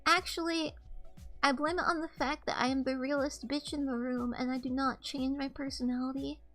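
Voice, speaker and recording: A high-pitched young woman streamer speaking into a desk mic. She chats casually to her viewers in a quiet, flat monotone. Faint music plays softly behind her. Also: normal speed. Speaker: VTuber streamer. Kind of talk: casual livestream chat.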